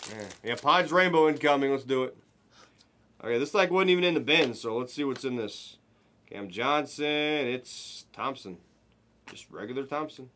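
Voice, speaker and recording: A man hosting a live card break, giving excited running commentary as he opens packs and chats with viewers. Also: mid-range voice, moderate pace.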